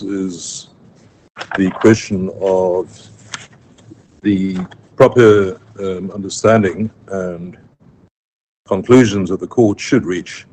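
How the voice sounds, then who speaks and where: A deep-voiced man with a South African accent makes a formal legal argument to a judge. He speaks in a measured way, pausing on ums and correcting himself mid-phrase. Faint room noise sits under the live courtroom stream. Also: a little mellow, rough recording. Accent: South African English. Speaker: advocate addressing the court.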